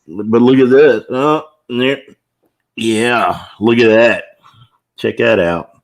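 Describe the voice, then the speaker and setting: A man's voice: mid-range voice, slow. An older man hosting a casual live stream, greeting viewers by name in an upbeat way with the odd whoop. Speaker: livestream host.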